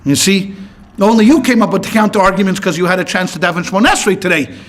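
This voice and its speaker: A rabbi leads a class in a high, bright voice. He keeps asking the room questions and answering them himself, and he mixes in anecdotes with quoted lines. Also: quick pace. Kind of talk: classroom lecture with questions to the audience.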